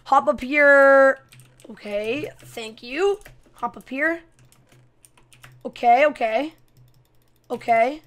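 A woman doing excitable, chatty gameplay commentary with playful trash talk. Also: sits high, very slow, long pauses. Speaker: gaming channel host.

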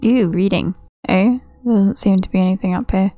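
A woman's voice: medium pitch, measured pace, pauses often, warm tone, dry recording, clean studio sound. A woman hosting a gaming channel, chatting casually and reacting as she plays. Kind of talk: casual gameplay commentary.

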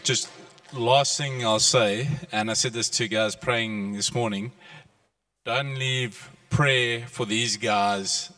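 A man's voice: medium pitch, steady tone, takes it slowly, bright, forceful tone. A man giving offhand reminders to his church congregation. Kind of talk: casual announcement to a congregation.

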